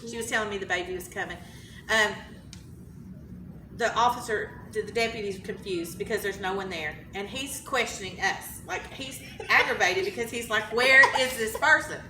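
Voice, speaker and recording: A woman who works as an emergency dispatcher tells a story in a casual interview, animated and laughing, acting out the voices of the people in it. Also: mid-range voice, normal speed. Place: conference hallway. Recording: roomy, distant, with background noise.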